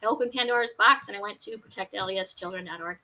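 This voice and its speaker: A woman guest telling her personal story with strong feeling, swinging from quiet, fast talk to outbursts and shouts. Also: mid-range voice, a little hiss or hum, rough recording. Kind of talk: emotional personal testimony.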